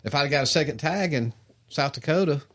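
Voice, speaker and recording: A man's voice: on the high side, lively intonation, a little fast, a bit bright. A man, co-hosting a casual outdoors podcast in a folksy, storytelling way. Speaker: podcast co-host. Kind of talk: casual chat.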